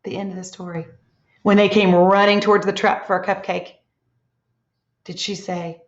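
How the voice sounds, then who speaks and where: A woman teacher leading a slow, encouraging reading lesson for young children, asking many tag questions. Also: mid-range voice. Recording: echoey room, dull lo-fi sound.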